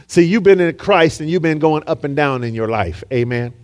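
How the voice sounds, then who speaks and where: A man's voice: on the high side, darkish tone. A man preaching a sermon as pastor, telling a story in a dramatic way and calling on the congregation for responses. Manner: dramatic storytelling, acting out quotes.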